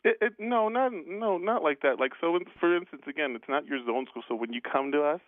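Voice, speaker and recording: Male caller, quick speech, tinny phone line. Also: on the high side, expressive, no echo. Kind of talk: casual phone call to a radio show.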